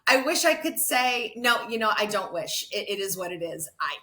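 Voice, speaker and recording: A middle-aged woman, a podcast guest, telling her running story in a casual, animated way, laughing often and restarting her sentences. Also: mid-range voice. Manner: animated, quick to laugh, self-correcting restarts. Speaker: podcast guest, ultra runner.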